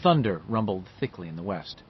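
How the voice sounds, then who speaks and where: A man reading a novel aloud as scripted narration, telling the story in a measured, lively way. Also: sits low, muffled recording, a little hiss or hum. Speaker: audiobook narrator.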